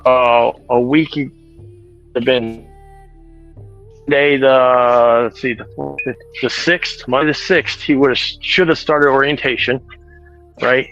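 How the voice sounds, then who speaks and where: A man's voice: medium pitch, fairly even intonation, slow pace, long pauses, a bit bright, muffled recording, soft background music. A man chatting casually while shopping in a big store, rambling and correcting himself as he talks. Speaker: truck driver streamer. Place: large store.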